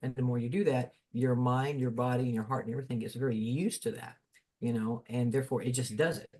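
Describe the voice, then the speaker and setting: A man's voice: mid-range voice, fairly even intonation, quick pace, darkish tone. A man in a casual spiritual chat, folksy and storytelling, slipping into preachy asides. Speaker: spiritual podcast co-host.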